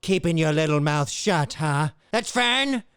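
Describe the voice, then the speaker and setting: A man's voice: on the high side, expressive, measured pace, heavy background noise. Man doing a blustering hot-headed interrogator. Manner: blustering, shouting threats.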